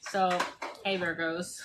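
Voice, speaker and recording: A woman's voice: lowish voice, little pitch movement, slow pace, very noisy. A woman in her twenties, chatty and laughing often as she chats on a live stream, her voice a little worn. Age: 20s. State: losing her voice. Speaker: TikTok live streamer and landlord. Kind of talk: casual live-stream chat. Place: parked RV at a state park.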